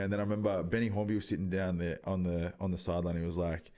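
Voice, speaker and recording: A young Australian man in his twenties, telling a story in loose, casual podcast chat, swearing freely and pausing on many ums. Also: deep voice, little pitch movement, mellow. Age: 20s. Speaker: podcast guest, rugby league player.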